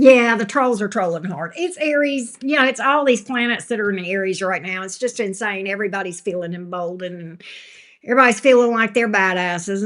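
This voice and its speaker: An older woman with a mid-range, slightly bright voice hosts a live tarot stream in a casual chat style. She's chatty, blunt and sassy, addressing viewers in the chat by name.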